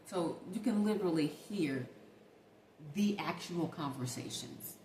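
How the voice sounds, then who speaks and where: Her voice is deep and darkish, animated but unhurried, as this woman vlogger shares a chatty, emphatic story directly with her viewers, whom she calls "baby" and "y'all." It's a casual storytime monologue recorded in an echoey room with faint ambience and slight background noise.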